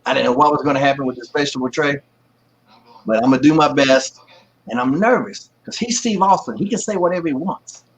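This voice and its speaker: A man's voice: mid-range voice, a little fast. A man in his forties telling stories as an interview guest, acting out the people he quotes, talking on a video call from home. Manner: lively storyteller who acts out quotes. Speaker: guest, pro wrestler. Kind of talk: casual anecdote in an interview. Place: at home, kids and pet nearby. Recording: slightly muffled, husky lo-fi audio.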